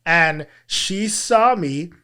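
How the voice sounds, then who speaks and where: A man's voice: high-pitched, animated, pushed and bright. Earnest man telling a personal story. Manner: earnest, halting storytelling with restarts. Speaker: teacher and guest. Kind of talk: personal story in a sit-down interview.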